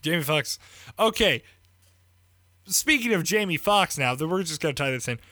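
A young man hosting a casual podcast, jokey and loose with swearing. His voice is high and bright, bouncing all over the place, and it is recorded dry and close. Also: normal speed, no echo. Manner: jokey, animated, swears freely. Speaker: podcast host.

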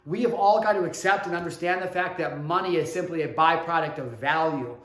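A man in his thirties telling a personal story to his viewers, earnest and emotional, dropping to a hush and then rising with fervor. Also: a little high, a little fast, roomy sound. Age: 30s. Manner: earnest, swings from hushed to fervent, addresses viewers directly. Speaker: motivational vlogger.

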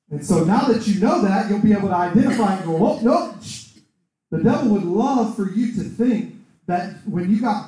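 A man preaching a sermon in a conversational, animated way, acting out quoted voices. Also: high voice. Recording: echoey room, far from the mic.

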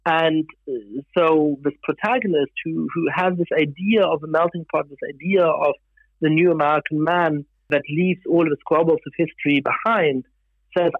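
A man who grew up in Germany, a guest giving thoughtful, measured interview answers with some fillers. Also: on the high side, breathy edge, dry recording, narrow, tinny audio.

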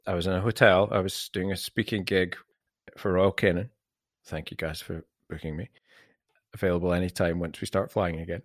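A man with a fairly low voice hosts a casual podcast chat. He tells stories with animation and often sinks to a hushed, savoring near-whisper. The sound is close and dry, with no room around it. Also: fairly even intonation, brisk, no echo. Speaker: podcast host.

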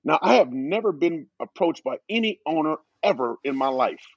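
A middle-aged man, once a pro football player, recounts a memory with animated, husky delivery. His pitch rises and falls widely as he acts out both sides of a conversation. The sound is dry and a little dull, like a lo-fi recording. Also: normal speed, no echo. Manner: animated storyteller, acting out quoted exchanges in a higher voice. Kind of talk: storytelling in a podcast interview.

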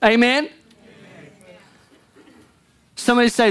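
Speaking at a measured pace, a female pastor preaches with energy, her delivery shifting between emphatic loud lines and murmured low asides. She regularly calls "come on" and "amen" to the people in the congregation.

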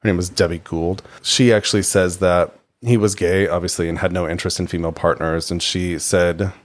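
Deep-voiced man chatting on a podcast. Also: a little fast. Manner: blunt and expressive, swears, jumps into reactions. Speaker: podcast co-host. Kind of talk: casual chat.

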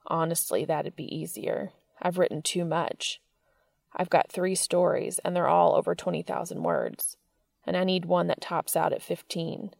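A woman reading the lines of an intense, tender adult male writer in a story, in her own low voice. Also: steady tone, moderate pace, creaky, darkish tone, no echo, clean studio sound. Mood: earnest.

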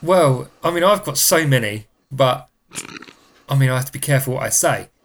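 A man's voice: medium pitch, expressive, normal speed, a bit bright. A man telling a funny story as a podcast guest, chatty and laughing, acting out voices. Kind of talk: casual storytelling. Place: studio.

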